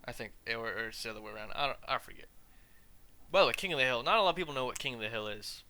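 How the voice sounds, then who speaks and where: A man's voice: mid-range voice, lively intonation, racing, pushed and bright, slight background noise. A man hosting a podcast, ranting casually in a rambling, profane way and trailing off into asides. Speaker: podcast host.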